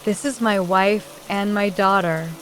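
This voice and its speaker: A woman's voice: mid-range voice, measured pace, a bit bright, faint music behind, natural voice, rough recording. A woman reading the part of a dutiful older brother, polite and tentative before an emperor. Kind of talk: audiobook reading. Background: rain sound.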